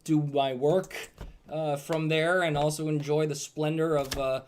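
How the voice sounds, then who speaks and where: Playful host with faint background hiss. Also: male voice, fairly high pitch, fairly even intonation, a little slow, darkish tone. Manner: playful, teasing. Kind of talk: casual chat.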